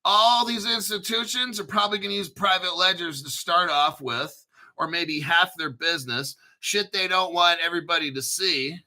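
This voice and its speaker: A foul-mouthed man in his fifties hosting a crypto livestream with a rambling, ranting delivery. His voice is somewhat high for a man and has a piercingly bright, tense edge. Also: fairly even intonation, moderate pace. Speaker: crypto channel host. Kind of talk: profane livestream rant.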